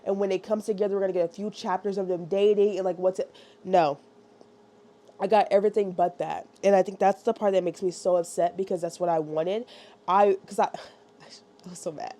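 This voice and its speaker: Chatty woman with a mellow voice. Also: mid-range voice, a little fast. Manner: animated, rambling, lots of "like" and "right?". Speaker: book reviewer. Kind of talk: casual chatty book review.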